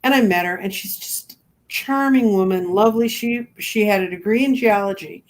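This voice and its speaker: An older woman in her seventies chats as a guest on an online show. She tells stories at an even middle pitch and slips into the voices of the people in them. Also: moderate pace. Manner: chatty, animated storyteller acting out quoted voices. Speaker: guest, crystal reader. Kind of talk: casual storytelling chat.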